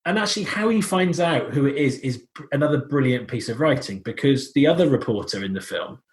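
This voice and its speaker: Lively man co-hosting a film podcast. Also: mid-range voice, brisk. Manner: lively, quotes film lines. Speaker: podcast co-host. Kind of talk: casual chat.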